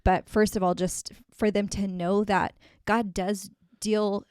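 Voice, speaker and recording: A woman speaking earnestly on a faith discussion podcast, voice sitting at a middle pitch. She talks in a relaxed, chatty way, with plenty of fillers and restarts. The sound is dry and close, with no room around it. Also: slow pace, clear, resonant tone, no echo. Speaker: podcast co-host.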